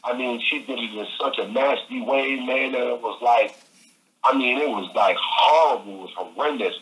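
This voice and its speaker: A man telling a story as an interview guest over the phone, animated and repeating phrases. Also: mid-range voice, normal speed. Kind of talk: casual storytelling. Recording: phone line.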